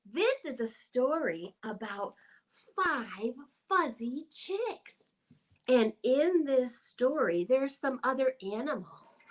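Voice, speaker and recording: A young woman reads to toddlers at a very slow, unhurried pace. Her voice is a little high and swoops widely in a playful sing-song, dropping now and then into soft, hushed asides. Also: very animated. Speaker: children's librarian. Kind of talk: toddler storytime with rhymes and picture book reading.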